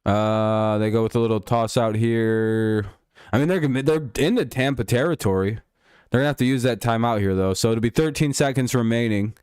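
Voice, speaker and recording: A man with a clean, medium-pitched voice speaks at normal speed as he streams a football game, calling plays casually and swapping profane banter with viewers. It's a dry recording with clean studio sound.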